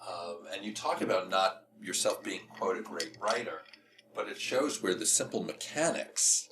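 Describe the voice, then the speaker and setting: A male host with a low voice reflects on what his guest has said and asks thoughtful follow-up questions. The recording has clear background noise under his voice. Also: expressive, moderate pace. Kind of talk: conversational podcast interview.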